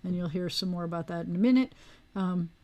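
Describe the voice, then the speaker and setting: A woman rabbi teaching an online Hebrew class in a relaxed, digressive way, with plenty of fillers, speaking into a video call mic. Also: on the low side, a little fast. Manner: chatty, digressive, with frequent fillers.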